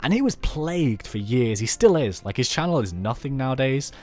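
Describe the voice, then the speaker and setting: A British YouTube let's play host talks through a game in casual, chatty commentary full of animated, rambling asides. His mid-range voice moves a little fast.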